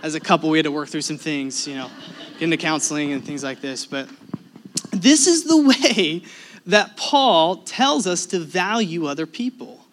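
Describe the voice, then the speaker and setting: A man preaching a sermon as a pastor, telling personal stories in an animated way, swinging between loud emphasis and hushed asides. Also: on the high side, moderate pace.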